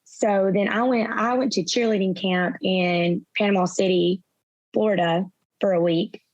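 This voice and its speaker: A young woman, a guest in an interview, retelling events through quoted dialogue in a soft, halting way with fillers. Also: mid-range voice, fairly even intonation, dry recording. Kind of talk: personal storytelling in an interview. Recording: slightly dull, dry sound.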